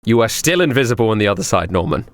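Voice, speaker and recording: A lower-voiced man runs a tabletop game, narrating in a loose, rambling way full of fillers. His pitch swings widely as he talks. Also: sing-song, fast. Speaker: game master.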